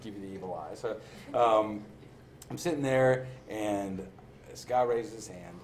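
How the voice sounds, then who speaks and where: Speaking at a measured pace in a fairly low voice, a man candidly relates his recovery with self-mocking humor and regular laughter. A faint hiss or hum runs under the recording.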